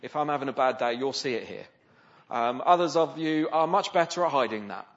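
A man's voice: medium pitch, fairly quick. A man preaching a sermon in a conversational way, often asking the listeners rhetorical questions. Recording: slightly dull, lo-fi sound.

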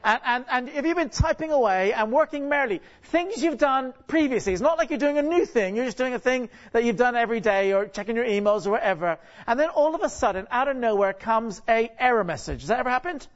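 A man's voice: very high-pitched, expressive, quick pace, few pauses. A man giving a conversational, joking sermon from a church stage, often stopping to ask the congregation questions and restarting his sentences. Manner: chatty, jokey, asks the congregation many rhetorical questions; frequent restarts and repeated words. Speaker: guest preacher. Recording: dull lo-fi recording.

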